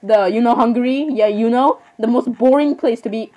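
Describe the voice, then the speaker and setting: A woman's voice: fairly high pitch, moderate pace, dark tone, rough recording. A teenage girl chatting casually on her vlog, rambling and dramatic, full of restarts and repeated apologies. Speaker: vlogger.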